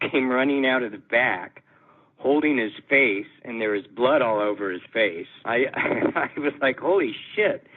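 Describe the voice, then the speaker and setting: A man, a musician, telling a story in a casual, amused way in an interview. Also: medium pitch. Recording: tinny phone-like audio.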